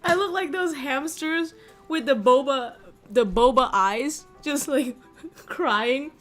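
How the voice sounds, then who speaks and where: A woman's voice: high-pitched, slow, a bit bright, faint music behind. A woman streamer in casual chat who laughs often and swears casually.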